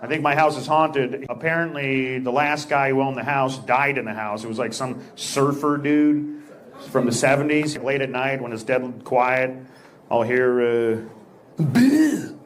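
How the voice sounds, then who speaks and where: A man doing stand-up comedy, firing off punchy one-liners and quick asides to the crowd on a club stage. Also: mid-range voice, steady tone. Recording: echoey club with loud audience laughter. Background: audience laughing and applauding.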